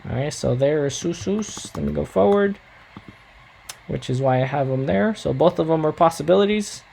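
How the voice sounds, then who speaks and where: A man's voice: on the high side, moderate pace, creaky, dark tone, breathy edge. A man teaching a recorded Spanish grammar lesson, coaching students patiently and checking in often with "all right?".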